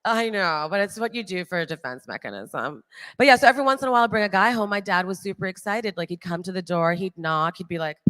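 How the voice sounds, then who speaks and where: A woman in her late thirties performs stand-up on a large hall stage. She talks in a chatty, animated way, tossing out asides and laughing at her own punchlines. Her mid-range voice carries a long hall reverb through the stage mic. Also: mid-range voice, fast talker. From Toronto, Canada. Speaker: stand-up comedian. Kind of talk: live stand-up set.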